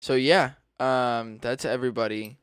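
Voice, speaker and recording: A man's voice: medium pitch, steady tone, unhurried, clear, resonant tone, dry recording, clean studio sound. A young man co-hosting a podcast, chatting casually in a laid-back, rambling way and swearing freely. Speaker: podcast co-host. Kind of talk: casual chat.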